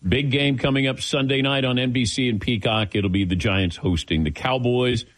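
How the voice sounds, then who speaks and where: A man's voice: mid-range voice, normal speed. A man hosting a sports radio talk show, joking with his crew between segments. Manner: lively, joking, sets up segments.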